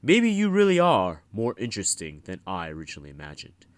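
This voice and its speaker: A man's voice: low-pitched, huge pitch swings, fairly quick, dry recording. A man doing a stern older wizard teacher. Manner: commanding, reproachful. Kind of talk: audiobook reading.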